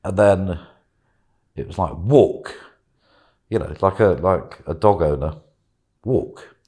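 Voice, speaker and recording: A British man chatting casually, telling an animated anecdote and acting out voices. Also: low-pitched, normal speed. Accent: British English. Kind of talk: casual storytelling chat.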